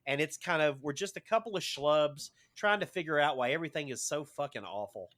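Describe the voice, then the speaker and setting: A man chatting as a guest on a podcast, rambling and animated with frequent fillers. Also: on the high side, a little fast. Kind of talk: casual podcast chat.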